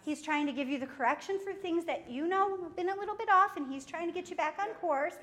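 High-voiced woman preaching a lively sermon. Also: fast. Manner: lively, laughs often, acts out quoted speech.

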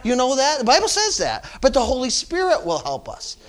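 A man's voice: extremely high pitch, huge pitch swings, fairly quick, fairly bright tone. A man, a pastor, preaching a sermon and calling out to his congregation with frequent amens and rising emphasis.

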